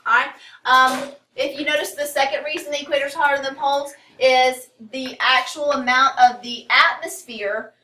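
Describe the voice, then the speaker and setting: A woman's voice: high-pitched, bright, forceful tone, slight background noise. A woman teacher giving a casual classroom lecture, full of fillers and asides. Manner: casual, rambling, many fillers. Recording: echoey classroom from a distance.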